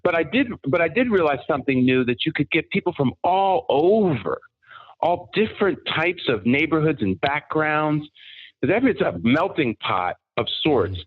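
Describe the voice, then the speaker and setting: A man telling personal stories as a podcast guest, in an animated anecdotal way. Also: on the high side, normal speed, husky. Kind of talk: casual storytelling. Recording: tinny phone-like line.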